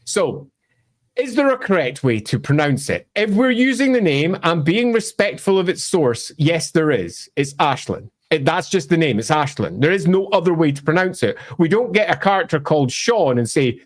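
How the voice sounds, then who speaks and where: A Scottish man with a fairly high voice talks through fantasy lore. He is emphatic and wry, and his pitch swings widely as he argues his points. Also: sing-song, normal speed. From Scotland. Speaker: lore presenter. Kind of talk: opinionated lore explainer.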